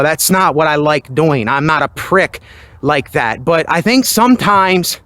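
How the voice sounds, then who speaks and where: A man vlogging outdoors at night into a handheld microphone, talking loudly and emphatically in a motivational monologue. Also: a little high, dry recording. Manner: loud and emphatic. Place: outdoors at night near his building.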